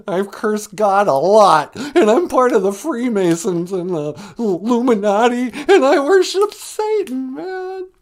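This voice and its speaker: A frantic, whiny cowardly lion of great age, as a man puts him on in a comedy call-in skit. He rises high and loud with every worry and keeps his voice jumping around in pitch. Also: full character voice. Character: panicky ancient male cowardly lion caller.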